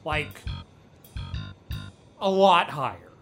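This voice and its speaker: An actress playing a frazzled female government agent who yells in exasperation. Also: deep voice, expressive, extremely slow, faint music behind, exaggerated voice. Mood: exasperated. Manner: exasperated, yelling.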